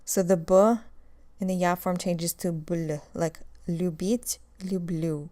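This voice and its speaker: A woman's voice: lowish voice, steady tone, takes it slowly, mellow, dry recording. Woman teaching a grammar lesson, dry sound. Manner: clear, methodical explanation with drilled examples. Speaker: Russian language teacher. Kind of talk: recorded grammar lecture.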